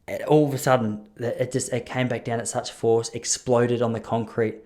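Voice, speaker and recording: A man's voice: medium pitch, little pitch movement, normal speed, darkish tone, faint music behind. A young man hosting a podcast, telling a long story alone in a rambling, jokey way and breaking off his own sentences. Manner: rambling, self-interrupting, jokey asides. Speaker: podcast host. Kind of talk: casual solo storytelling.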